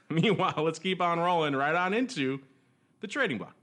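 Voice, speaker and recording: A man's voice: fairly high pitch, expressive, moderate pace, a bit bright. A man hosting a podcast in casual chat, jokey and rambling with frequent chuckles. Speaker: podcast host.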